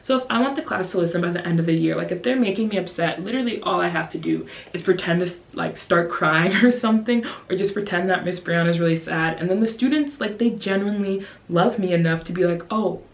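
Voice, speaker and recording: A woman in her twenties, an English teacher vlogging casually to camera, who keeps slipping into high, lively voices to act out her students and herself. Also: fast, gravelly, hardly any pauses. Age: 20s. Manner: animated, acts out kids and teachers in high voices. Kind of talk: casual vlog talk to camera. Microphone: camera's built-in mic. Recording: roomy echo.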